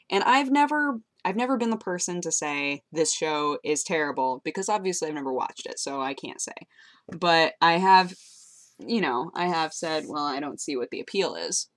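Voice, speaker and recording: A young woman chatting casually into a webcam, rambling and self-mocking, with many fillers and laughs. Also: on the low side. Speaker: vlogger. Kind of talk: casual webcam vlog chat. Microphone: webcam mic.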